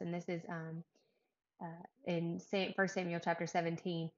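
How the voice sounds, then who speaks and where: A woman's voice: on the low side, flat delivery, moderate pace, lo-fi sound. A woman hosting a podcast who gives a casual devotional Bible talk in an earnest, rambling way, often restarting her sentences. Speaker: podcast host.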